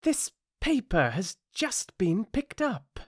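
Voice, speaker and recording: A man with a British accent voicing a fussy, nervous male rabbit courtier in a high, fluttery voice for an audiobook. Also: big pitch swings, takes it slowly, dry recording, studio quality, full character voice. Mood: anxious, fussy. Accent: British English. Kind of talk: audiobook character voice.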